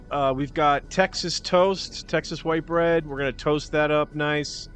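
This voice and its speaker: A man's voice: a little high, steady tone, measured pace, a bit bright. A man hosting a casual cooking livestream, rambling and joking at his own expense, with the odd swear word. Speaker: livestream host. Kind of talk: casual cooking-show chat.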